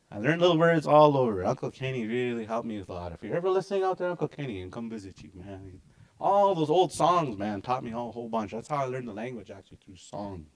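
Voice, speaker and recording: A middle-aged man leads a casual language lesson. He keeps his pitch at an ordinary middle height and drills each word slowly, over and over. Between the drills he chats loosely with the class. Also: animated. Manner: repeats words slowly for practice, chatty asides. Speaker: language teacher.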